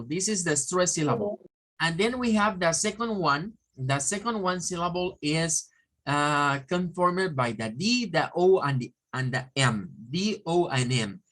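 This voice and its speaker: A man teaching an online English class, repeating words and sounds slowly for drilling. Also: on the high side, a bit bright, low-quality recording. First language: Spanish.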